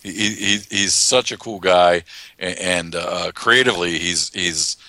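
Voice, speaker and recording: A man co-hosting a casual, joking chat, animated and full of sudden pitch jumps. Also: unhurried, dry recording. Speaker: podcast co-host.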